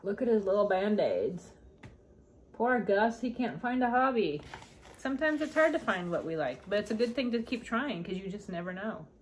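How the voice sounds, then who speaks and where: A woman's voice: mid-range voice, expressive, moderate pace, slight background noise. Lady reading a kids' picture book, chatting about the pictures between pages. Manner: chatty asides to young listeners about the pictures. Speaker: storybook reader. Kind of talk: children's picture book read-aloud.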